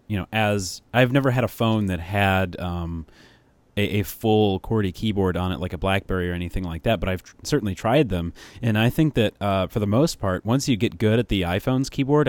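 A man's voice: on the low side, darkish tone, dry recording. A man hosting a casual tech podcast, talking hesitantly with many fillers and restarts. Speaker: podcast host.

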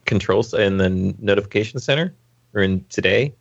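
A man's voice: lowish voice, brisk, vocal fry, no echo, muffled recording. A man co-hosting a casual tech chat, talking with wry, sarcastic asides.

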